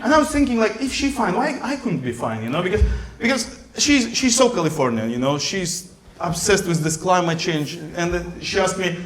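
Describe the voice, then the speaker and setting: A man's voice: sits high, moderate pace. A middle-aged man who is not a native English speaker, performing a stand-up set in broken English on a club stage. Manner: broken English, animated, shouts to the crowd near the end. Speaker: stand-up comedian. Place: comedy club stage in front of a live audience. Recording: roomy club sound with crowd laughter and noise. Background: audience laughing, room noise.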